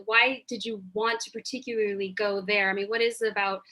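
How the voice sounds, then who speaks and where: A woman hosting an online interview, effusive and enthusiastic, with halting restarts. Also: medium pitch, steady tone, bright, forceful tone, rough recording. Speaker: interviewer host.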